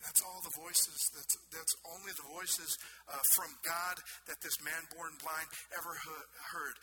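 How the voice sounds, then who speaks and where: A man preaching a sermon with passion, dropping to a hush and then building to forceful emphasis, often repeating phrases. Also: a little high, little pitch movement, unhurried, hardly any pauses, noisy background. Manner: impassioned, swings from hushed to forceful. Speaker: pastor.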